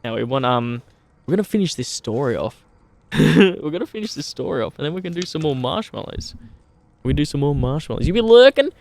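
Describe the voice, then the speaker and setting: A young Australian man hosts a casual outdoor livestream by a campfire, laid-back and matey, swearing plenty and addressing people as mate. His fairly high voice is very animated and brisk, creaky, with a darkish tone.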